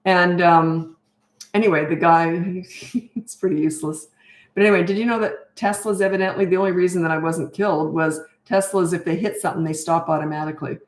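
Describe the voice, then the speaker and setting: A middle-aged woman, a parenting coach, chats casually during a live Q&A in a lowish, steady, brisk voice. She sounds tired but talkative and keeps wandering off on tangents. The recording has a roomy echo.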